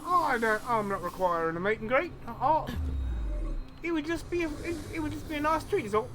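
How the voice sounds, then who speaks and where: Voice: sits high, animated, a little fast. A streamer commentating a live game in a put-on mix of Cockney and Australian accents, rambling and repeating phrases with self-amused asides.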